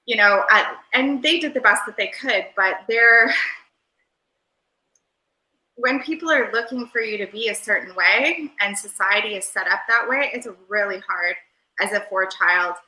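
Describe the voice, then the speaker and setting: This woman's mid-range voice comes across as bright and forceful, and she talks a bit slowly. As a guest in a laid-back video-call interview, she rambles in an airy, Valley-girl-like style with lots of fillers. The sound has a roomy echo.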